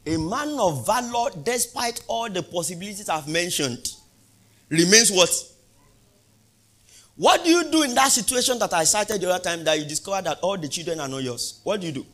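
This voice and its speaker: Male pastor, sermon delivery, slightly high voice, call-and-response, emphatic crescendos. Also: lively intonation. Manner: call-and-response preaching, rising to loud emphatic peaks; repeats questions to the congregation, drawn-out emphasis.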